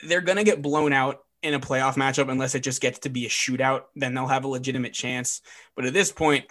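A man's voice: mid-range voice, fairly bright tone. Young man hosting a sports chat. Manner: upbeat, runs segments, quick asides. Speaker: sports podcast host.

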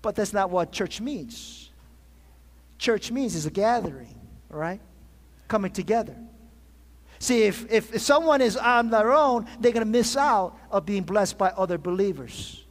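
In a church sanctuary, a pastor with a high, expressive voice preaches at a measured pace, calling for amens from his congregation and often restarting his phrases. The large hall's long reverb fills the recording.

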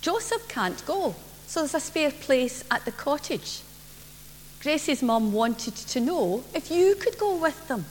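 A woman's voice: high voice, sing-song, a little slow, pitched above the performer's own voice. A woman voicing a kind, patient mother in a story told during a sermon. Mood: calm. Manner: soothing, reassuring. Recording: reverberant church, faint hum.

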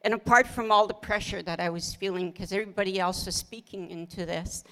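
A woman's voice: mid-range voice, steady tone, brisk, pushed and bright. A middle-aged woman co-hosting a casual ministry talk, telling her story with earnest feeling, often laughing and quoting her own prayers. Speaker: pastor's wife, co-host.

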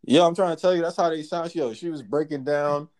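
A man casually telling a work story among friends, profane and animated, acting out what people said. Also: on the high side, a little fast. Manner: profane, animated, acts out quotes.

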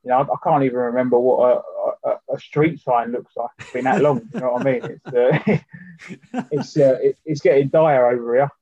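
A man's voice: mid-range voice, fairly even intonation, brisk, warm tone. A man chats in a loose, rambling way, leaning on fillers and asides as a podcast co-host. His voice comes through a remote line that sounds dull and lo-fi. It is dry, with no room echo. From United Kingdom. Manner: chatty, full of fillers and "do you know what I mean". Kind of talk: casual chat.

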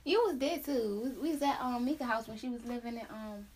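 A woman in her thirties hosting a casual podcast chat, loud and profane, laughing often. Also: on the high side, fairly quick. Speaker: podcast host.

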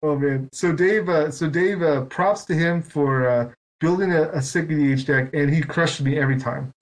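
A man's voice: fairly high pitch, moderate pace. A man hosting a podcast, telling long, rambling, self-mocking stories in casual chat. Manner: rambling, self-mocking storytelling with lots of quoted back-and-forth. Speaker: podcast host.

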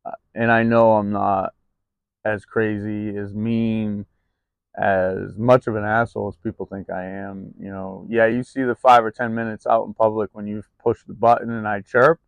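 A man with a low, gravelly voice talks in a loose, confessional vlog, full of ums and restarts. The sound is close and dry, recorded outdoors in the cold. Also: level tone, normal speed, no echo, phone-quality sound. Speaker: vlogger. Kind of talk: candid personal vlog.

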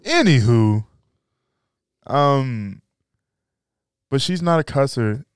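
A man's voice: medium pitch, expressive, drawn-out words, smooth, no echo, clean studio sound. A young man hosting a podcast, chatting casually and joking in a laid-back way. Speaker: podcast host. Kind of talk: casual chat.

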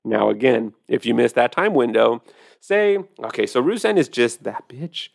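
A man's voice: mid-range voice, animated, normal speed, gravelly, no echo, studio quality. A man hosting a podcast, chatting casually and animatedly about wine, with profane storytelling. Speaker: podcast host.

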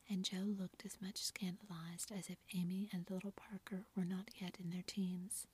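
A woman narrating a classic novel entirely in a soft whisper, as whispered role-play. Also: on the low side, little pitch movement, moderate pace, hardly any pauses, husky. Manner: soft unvoiced whisper throughout.

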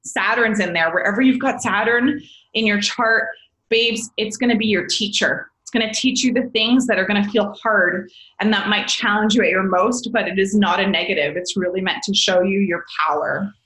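A woman's voice: medium pitch, moderate pace, fairly bright tone, reverberant, low-quality recording. A woman explaining astrology in a casual, rambling way, often correcting herself as a podcast guest. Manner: rambling, self-correcting, chatty, calls listener babes.

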